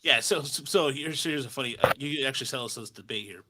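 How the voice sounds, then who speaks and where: A man's voice: medium pitch, fast, crowd noise. A man co-hosting a podcast in casual chat, opinionated and emphatic. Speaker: podcast co-host.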